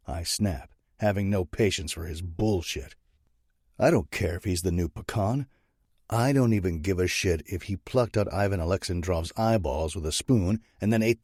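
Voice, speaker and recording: A man narrating a first-person audiobook in a steady, gritty storytelling manner. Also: low voice, no echo, clean studio sound.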